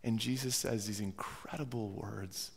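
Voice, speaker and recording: A man's voice: fairly low pitch, steady tone, unhurried, vocal fry, breathy edge. A man preaching a sermon as pastor while he has a cold, earnest and often repeating words as he restarts his phrases. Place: church sanctuary. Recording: long church hall reverb.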